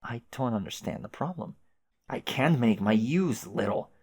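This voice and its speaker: Dude doing a smug sarcastic narrator voice, talks down to you, kinda quiet and mocking. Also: male voice, medium pitch, animated, normal speed, breathy edge, no echo, studio quality. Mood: condescending. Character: smug, condescending male narrator voice in a head.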